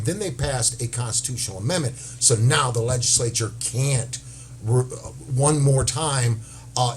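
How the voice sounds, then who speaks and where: Male panel guest, explanatory, halting, faint hum behind. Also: mid-range voice, a little mellow. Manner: explanatory, with hesitations and restarts. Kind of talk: explaining history on talk show.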